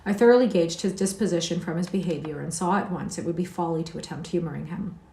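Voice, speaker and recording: Mellow-voiced woman reading a classic. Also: fairly low pitch, fast talker, vocal fry. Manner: steady, occasional slips and restarts. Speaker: audiobook reader. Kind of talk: reading a classic novel aloud on a livestream. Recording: echoey room.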